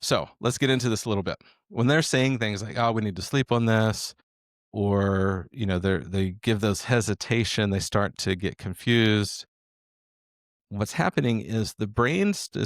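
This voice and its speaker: Energetic low-voiced male sales coach. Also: dry recording, studio quality. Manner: animated, emphatic, with asides and restarts.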